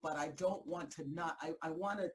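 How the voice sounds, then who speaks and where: A woman hosting a motivational group talk, energetic and emphatic, repeating herself for effect and breaking easily into laughter. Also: low-pitched, brisk, slight background noise, low-quality recording. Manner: energetic, fired-up, emphatic repetition. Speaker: host and motivational coach.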